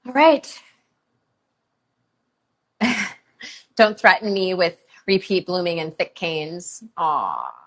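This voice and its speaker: A woman hosting a live shopping stream for roses, chatting casually with lots of fillers and pauses. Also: on the low side, lively intonation. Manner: chatty, many fillers, emotional at times. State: tearful. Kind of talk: live sales stream chat. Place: rose farm, humid.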